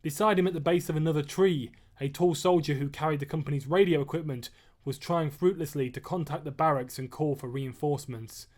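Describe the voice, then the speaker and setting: A man with a somewhat high voice reads a chapter of his own novel aloud. He starts with a relaxed, chatty greeting, then settles into steady, measured storytelling, as if streaming live from home. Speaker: author reading his novel. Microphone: webcam or phone mic.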